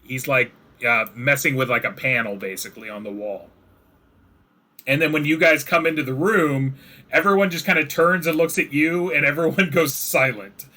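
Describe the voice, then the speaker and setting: A man's voice: fairly high pitch, moderate pace, bright, forceful tone. A man narrating as game master, describing scenes casually with many fillers.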